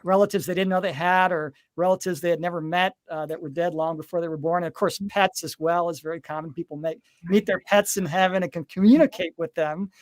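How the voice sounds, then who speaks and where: A man hosting a live video chat, telling stories in a relaxed way with many fillers and acting out the voices he quotes. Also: on the high side, fast talker, hardly any pauses, no echo. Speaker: host.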